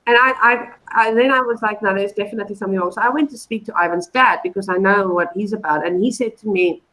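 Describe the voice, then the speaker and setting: A woman chats as a guest on a live show, recounting a story in a casual, meandering way. Her voice sits at a middle pitch for a woman. She loops back with fillers and restarts as she goes. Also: a little fast, pushed and bright, low-quality recording. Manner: rambling, with many fillers and restarts.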